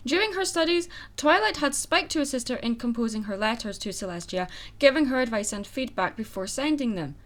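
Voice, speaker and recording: A young woman reviews a film for her channel, dry and sarcastic in her asides. Her voice sits high and swings widely, bouncing between mock outrage and calm explanation. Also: fairly quick, few pauses. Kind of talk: comedic video review.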